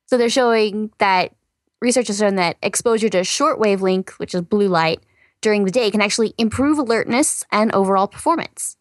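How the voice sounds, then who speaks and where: A woman's voice: mid-range voice, a little fast, no echo, clean studio sound. A woman co-hosting a casual science podcast, chatty and full of "you know" fillers. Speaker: science news co-host.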